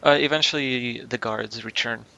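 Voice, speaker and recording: Man, game master, gravelly, bright tone, hesitant narration, faint hiss. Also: medium pitch, fairly even intonation, moderate pace, muffled recording. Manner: hesitant, many ums and restarts.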